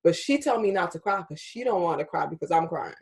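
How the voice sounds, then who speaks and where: A woman's voice: on the low side, lively intonation, fast, vocal fry. A young adult woman hosting a podcast, telling a personal story in casual chat, candid and emotional, swearing freely and talking straight to her listeners. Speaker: podcast host.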